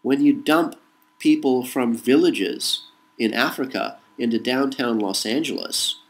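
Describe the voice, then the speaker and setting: A man's voice: medium pitch, unhurried, rough recording. Man giving a rhetorical monologue. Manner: rhetorical, repeats a refrain. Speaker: political commentator. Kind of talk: monologue to camera.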